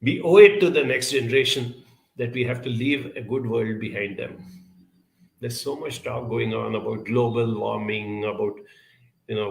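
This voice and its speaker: Male speaker, gravelly, measured emphatic delivery, roomy echo. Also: on the low side. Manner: measured, emphatic, frequent uh fillers. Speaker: speaker answering audience questions. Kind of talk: live talk on emotional intelligence.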